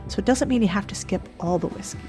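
A woman's voice: mid-range voice, fast talker, mellow, soft background music. Blunt, casual woman giving money advice. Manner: blunt, casual, swears freely. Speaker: business creator and host. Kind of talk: direct-to-camera advice talk.

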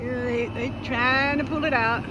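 Brief: high-voiced woman, blunt, mocking vlog commentary, phone recording by a road. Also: steady tone, normal speed. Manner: blunt, teasing, profane. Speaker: vlogger filming a roadside scene. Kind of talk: casual running commentary. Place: outdoors by a road in traffic. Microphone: phone camera. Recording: phone audio with road noise. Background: passing traffic.

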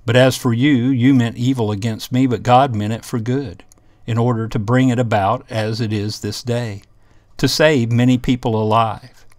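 An earnest man leads a Bible class, reading scripture aloud and explaining it. His voice sits at an ordinary middle pitch and is recorded dry and close, with no room sound. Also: steady tone, normal speed, a little mellow, no echo.

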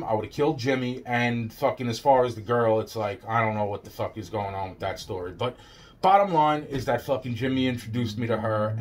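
A man delivering a rambling, profane monologue that swings between loud outbursts and low muttering.

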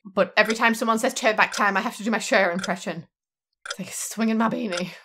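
A young adult woman giving jokey, excitable and profane commentary while she plays a game. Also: medium pitch, quick pace, a little hiss or hum. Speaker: let's play gamer. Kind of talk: casual gameplay commentary.

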